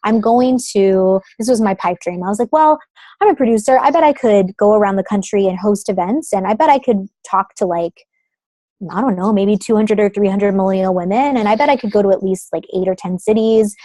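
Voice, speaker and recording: A chatty woman in her thirties tells her story as an interview guest, her voice mellow and warm. She leans on "like" and "um" as she talks over a phone call, and the sound is dry and close, with no room around it. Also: medium pitch, brisk, no echo. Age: 30s. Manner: chatty, uses many fillers like "like" and "um". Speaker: guest, creative consultant.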